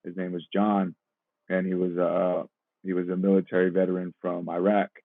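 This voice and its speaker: A man's voice: low-pitched, monotone, moderate pace, gravelly, no echo, phone-quality sound. A man in his thirties, an actor and podcast guest, talking casually and reflectively, laughing easily. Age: 30s. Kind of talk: casual interview chat.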